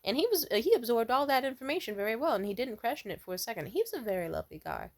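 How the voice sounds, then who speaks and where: A woman's voice: a little high, big pitch swings, very fast. A young woman chats through a storytime vlog, rambling and looping back on herself with plenty of fillers. She swears bluntly and breaks into laughter often, her tone loose and unpolished. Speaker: vlogger.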